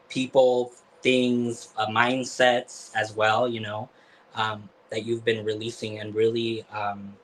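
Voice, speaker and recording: A man with a mid-pitched voice giving a live psychic card reading. He speaks gently and hesitantly, pausing often. There is faint noise underneath. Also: rough recording. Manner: hesitant, many fillers and restarts, gentle.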